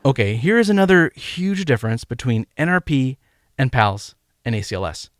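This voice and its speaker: Man giving a dry, measured medical lecture. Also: mid-range voice, lively intonation, no room sound, faint music behind. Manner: measured, emphatic teaching delivery with rhythmic counting. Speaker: podcast host and medical educator.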